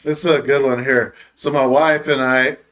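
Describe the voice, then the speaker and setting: Male podcast co-host, relaxed storyteller, heavy cursing, laughs along. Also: mid-range voice, moderate pace. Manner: laid-back storyteller, swears a lot, laughs while telling. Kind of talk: casual podcast chat.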